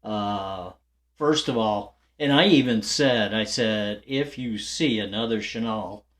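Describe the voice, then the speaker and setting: A man's voice: fairly low pitch, slow pace. An older man who hosts a guitar channel, telling viewers a casual, rambling story full of fillers and restarts, with light laughs along the way.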